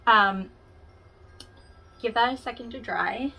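A woman's voice: on the high side, takes it slowly, vocal fry, soft background music. A woman hosting a casual craft tutorial, chatting to the viewer and poking fun at herself as she works. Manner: chatty and self-deprecating, talking to the viewer while working.

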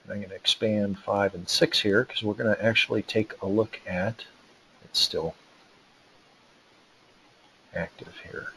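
A man's voice: on the low side, steady tone, a little slow, pauses often, bright, forceful tone, slight background noise, low-quality recording. A man presenting a technical webinar, walking through a live demo in a casual way with lots of fillers and restarts. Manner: casual, thinks aloud with many fillers. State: out of breath.

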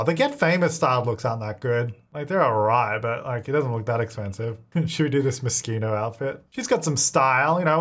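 A young man giving casual, chatty commentary while playing a life-simulation game, laughing often and talking to the characters on screen. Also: medium pitch. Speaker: gaming video creator. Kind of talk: casual let's-play commentary.

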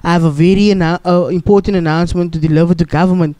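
Guy putting on a bossy old pope, way higher voice, pushy and in a rush. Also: steady tone, very fast, a little mellow, clean tone, dry recording, close to an everyday voice. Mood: impatient. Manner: pushy, urgent commands. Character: the Pope as an impatient, bossy elderly man.

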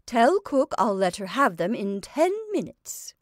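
A woman's voice: medium pitch, very animated, measured pace, dry recording, studio quality. A woman reading a story aloud, voicing a fussy, scatterbrained middle-aged mother giving orders. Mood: dreamy. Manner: scatterbrained, bossy, dreamy.

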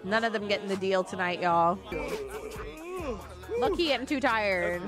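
A woman giving casual, profane gameplay commentary, voicing her characters' thoughts in quick asides. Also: mid-range voice, over music. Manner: lively, swearing, voices characters' thoughts in asides. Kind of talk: casual let's play commentary.

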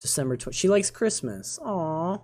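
A man giving let's play commentary, excitable and yelling out his reactions. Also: fairly high pitch, normal speed. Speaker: gamer.

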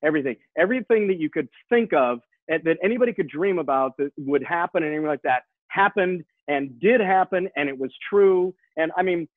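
A man in his sixties, a guest rock musician, telling stories in an excitable way with many repeated words and restarts, heard over a phone line. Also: fairly high pitch, brisk, hardly any pauses, dry recording. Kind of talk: animated storytelling. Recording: tinny phone line, dry.

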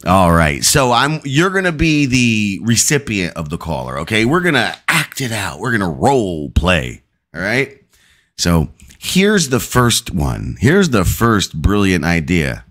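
A man chatting casually on a podcast, his voice lively and bouncing in pitch. He jokes loosely and swears freely, talking over a video call. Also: a little slow. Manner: joking, loose and profane. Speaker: podcast co-host. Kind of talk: casual chat.

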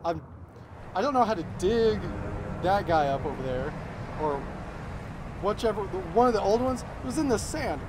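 A young man commentating his game session and getting frustrated, muttering and shouting in exasperation. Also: high-pitched, sing-song, moderate pace, pauses often, background noise. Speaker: gaming video host. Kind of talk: let's play commentary. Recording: loud game music behind.

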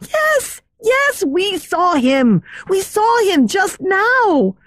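Woman narrator plays a crowd of high, eager young dancers in a storybook, breathless. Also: very animated, extremely slow, fairly bright tone, no room sound, full character voice. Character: group of excited young ballet girls.

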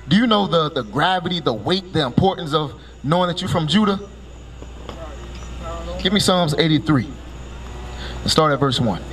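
A man with a slightly high, fairly bright voice preaches on the street, quizzing passers-by with "right?" and rhetorical questions. He commands each scripture reading with a curt "Read" and then explains the passage.

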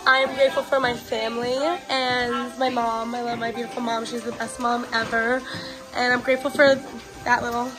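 A young adult woman vlogs casually on her handheld phone camera, bubbly and gushing as she shows off a family gathering in a busy home. Her voice is a little high yet flat in delivery, at a normal speed over music.

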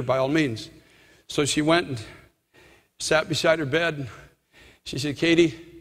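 A man preaching a fervent sermon as pastor, shouting and quoting scripture. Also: medium pitch, big-room sound.

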